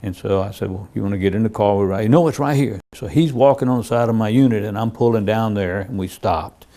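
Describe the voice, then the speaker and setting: Lower-pitched male cop telling case stories for a crime interview, plainly told, voicing the exchanges. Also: steady tone, fast, mellow. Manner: plain storytelling, acts out quoted dialogue. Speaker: police officer. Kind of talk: true-crime interview recounting cases.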